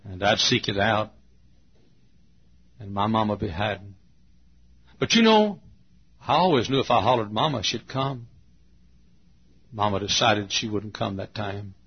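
Husky guy preaching, folksy stories, soft then loud, dull old recording. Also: lowish voice, moderate pace, long pauses. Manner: folksy, swings from hushed to loud. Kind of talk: storytelling sermon.

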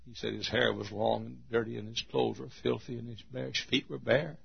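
A man preaching a sermon at a church service, booming into shouts and then dropping to a hush. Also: flat delivery, a little fast, gravelly, breathy edge, dull audio. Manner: swings from loud shouted quotes to hushed low asides.

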